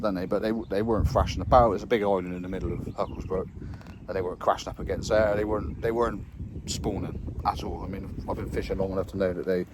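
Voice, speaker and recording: A man's voice: sits low, noisy background. A man, talking in a casual, rambling, sweary way while fishing outdoors by a lake. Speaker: carp angler vlogger. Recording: outdoor ambience, passing trains.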